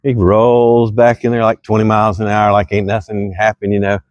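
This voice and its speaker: A middle-aged man, telling a true story from his childhood in a folksy, animated way with loud exclamations. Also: fairly low pitch, moderate pace, no room sound, dull audio. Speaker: storyteller vlogger. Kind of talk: casual storytelling.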